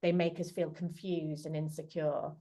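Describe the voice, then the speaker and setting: Speaking over a video call on a computer mic, this woman, a charity chief executive, delivers an earnest talk about domestic abuse and performs the quoted dialogue herself. Her low, warm voice keeps a level tone at a moderate pace.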